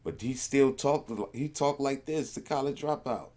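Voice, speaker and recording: A man's voice: medium pitch, fairly even intonation, moderate pace, darkish tone. A man hosting a reaction video, chatting casually in a rambling, laid-back, slangy way.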